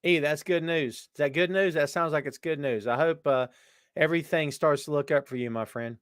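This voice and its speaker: A brisk-talking man hosts a casual live stream, greeting chat viewers by name and calling them "brother" and "my friend." He jumps between loud exclamations and low asides in a dry, clean studio recording.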